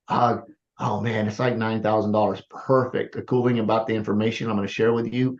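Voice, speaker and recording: A sales coach reviews calls for his team on a group call. He is encouraging and acts out voice tones as examples. His voice sits a bit low, and the call audio is dull and lo-fi. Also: a little mellow.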